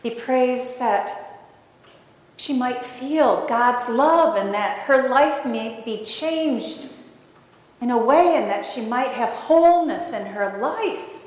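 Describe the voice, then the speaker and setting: Slow, expressive woman telling a sermon story. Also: a little high. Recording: echoey hall.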